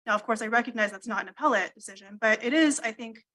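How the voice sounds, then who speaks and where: Female attorney, formal appellate argument, measured and deferential, slightly higher voice, courtroom livestream. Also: bright, forceful tone, poor audio. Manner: measured, deferential, with frequent ums. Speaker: attorney arguing appeal.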